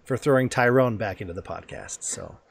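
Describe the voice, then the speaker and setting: A man's voice: lowish voice, huge pitch swings, brisk, gravelly, husky. A man hosting a podcast in a casual chat, joking and teasing, trailing off and restarting. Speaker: podcast host.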